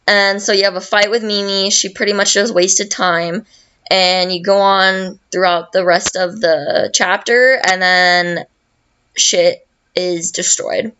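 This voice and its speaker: A woman's voice: medium pitch, steady tone, fairly bright tone, smooth, lo-fi sound. A young woman hosting a podcast, retelling a story casually in a rambling way, with a lot of swearing and fillers. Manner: slow and rambling, heavy swearing, many fillers. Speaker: podcast host.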